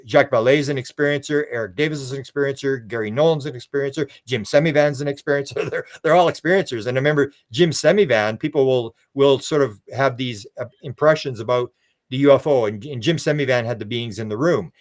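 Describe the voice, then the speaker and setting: A man's voice: medium pitch, fast. An older man from Canada, a guest researcher in a casual interview, telling long rambling stories, repeating words and acting out voices he quotes.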